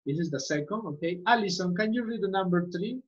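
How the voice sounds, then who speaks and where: Woman teacher, patient, repeats words slowly, asks okay often, muffled lo-fi sound. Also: medium pitch, lively intonation. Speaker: English teacher. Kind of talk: online class instruction. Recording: muffled lo-fi audio.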